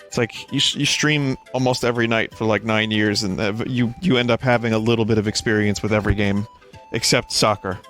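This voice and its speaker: A man's voice: on the low side, steady tone, a little fast, a bit bright, soft background music. A man from New York in his thirties, streaming games and chatting loosely with plenty of swearing and jokes. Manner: loose, swearing, jokey storytelling. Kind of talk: casual chat while gaming.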